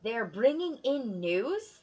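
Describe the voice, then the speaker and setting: A woman's voice: a little high, big pitch swings, slow, darkish tone, husky, highs cut off. A woman giving a casual tarot reading, talking bluntly and swearing freely in a chatty way. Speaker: tarot reader.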